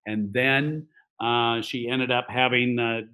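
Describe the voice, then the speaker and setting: A male orthopedic surgeon telling patient stories on a podcast, of ordinary pitch. He rambles with fillers and restarts, and acts out both sides of conversations. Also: steady tone, slow, pushed and bright, clean tone, poor audio. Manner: acts out quoted dialogue. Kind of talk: casual podcast storytelling.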